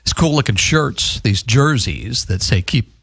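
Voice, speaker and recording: A man's voice: medium pitch, expressive, a little slow, creaky, fairly bright tone, slightly rough. An easygoing man co-hosts a casual radio chat. He mostly agrees and adds dry quips. The sound is dry and close, with no room echo. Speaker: radio co-host.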